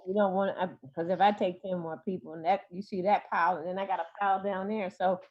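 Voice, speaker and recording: Halting woman therapist, dull lo-fi sound. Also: mid-range voice, fairly even intonation. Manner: hesitant, many fillers and restarts. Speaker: therapist guest. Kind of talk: interview talk.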